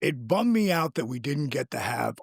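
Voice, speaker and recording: A man with a gravelly, husky voice that sits a bit high tells animated stories as a podcast guest. He acts out other people's voices as he goes, and the room is dry and close. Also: normal speed, dry recording. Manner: energetic storyteller who acts out the voices of others. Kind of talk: animated storytelling in casual conversation.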